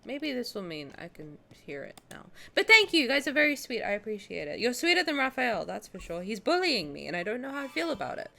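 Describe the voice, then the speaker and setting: Animated, bright-voiced woman streamer, shrieking playfully. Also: a little high, quick pace, gravelly, hardly any pauses. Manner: animated, swears freely, shrieks at viewers in mock protest; playful, coos at game characters. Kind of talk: live-stream gacha reactions, chatting with chat.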